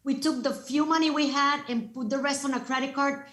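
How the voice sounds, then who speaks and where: A woman motivational speaker giving a keynote talk with animated, emphatic storytelling. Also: sits high, a little fast, echoey room.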